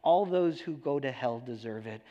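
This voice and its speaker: A male pastor preaching a sermon, emphatic, swinging between hushed lows and raised declarations. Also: expressive, moderate pace, big-room sound, muffled recording.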